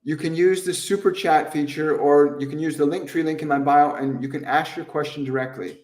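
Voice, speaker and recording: A man's voice: on the high side, steady tone, a little fast, darkish tone, roomy sound, distant mic. A man hosting a live question-and-answer stream as a medium, earnest and grateful, repeating himself and laughing often. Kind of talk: livestream talk.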